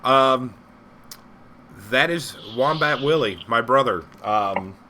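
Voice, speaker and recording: A man co-hosting a casual live-stream talk show, swearing freely and laughing loudly. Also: medium pitch, lively intonation, takes it slowly, background noise. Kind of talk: casual profane banter. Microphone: live-stream microphone.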